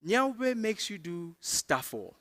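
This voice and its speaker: Man, comedian host, playful teasing delivery, bright forceful voice. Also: high voice, very animated, slow. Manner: playful, teasing, exaggerated storytelling. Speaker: comedian hosting an awards event. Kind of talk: stand-up comedy.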